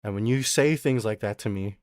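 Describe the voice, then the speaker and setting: A man from Australia, streaming and ranting through a casual story in an animated, profane way. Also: lowish voice, brisk, dry recording, clean studio sound. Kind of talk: casual ranting livestream chat.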